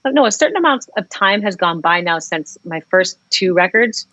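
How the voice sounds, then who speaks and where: A woman's voice: fairly low pitch, expressive, moderate pace, a bit bright, no room sound, lo-fi sound. A woman singer-songwriter talking frankly and reflectively as a guest in a casual interview, rambling and swearing at times.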